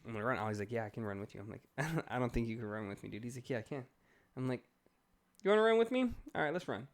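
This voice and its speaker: A man's voice: medium pitch, expressive, fast. A man in his thirties, a podcast co-host, rambling through a story in casual chat.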